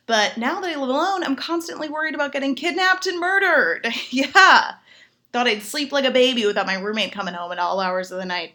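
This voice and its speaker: A woman in her twenties from Chicago, performing a sarcastic stand-up comedy set. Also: a little high. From Chicago, United States. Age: 20s. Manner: animated, sarcastic punchline delivery.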